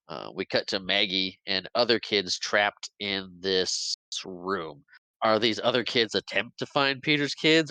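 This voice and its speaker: A man's voice: on the low side, bright, forceful tone, smooth, no room sound, rough recording. A man casually recapping a film scene by scene on a podcast, rambling a bit and laughing often. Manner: rambling play-by-play retelling, acts out quotes, laughs often. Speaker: podcast host.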